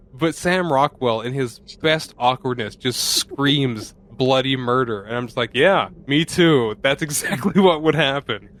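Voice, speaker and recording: A man's voice: medium pitch, fairly bright tone. Laid-back man retelling movie scenes. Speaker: podcast co-host. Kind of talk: casual movie chat.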